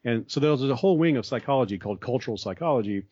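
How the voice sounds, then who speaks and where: A man's voice: medium pitch, expressive, racing, mellow, husky, dry recording. A man in a conversation, explaining ideas at length in a thoughtful way with frequent restarts. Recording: dry, slightly dull sound.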